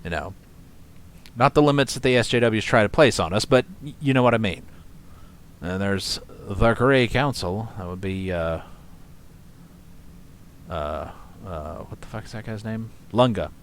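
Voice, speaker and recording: A man hosting casual reaction commentary, rambling, swearing and scoffing between long pauses. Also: on the low side. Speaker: commentary host.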